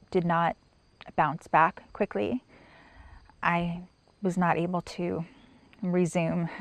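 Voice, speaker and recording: A middle-aged woman giving personal testimony in an interview, soft-spoken and halting, with many pauses and restarts, sometimes near a whisper. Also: fairly low pitch, creaky, no room sound. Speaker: sign language interpreter.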